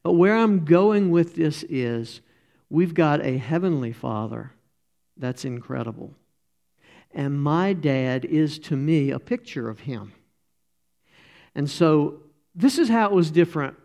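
A middle-aged man delivers a conversational sermon in a slightly high, gravelly voice. He talks in a halting way, stopping and restarting his sentences, and is often close to tears. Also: darkish tone, muffled recording. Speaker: church speaker. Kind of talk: informal sermon.

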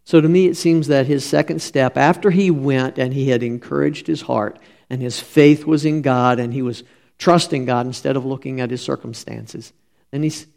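A man's voice: mid-range voice, steady tone, moderate pace, gravelly, darkish tone. A man preaching a sermon, reading scripture aloud and then explaining it in an earnest, conversational way. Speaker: pastor.

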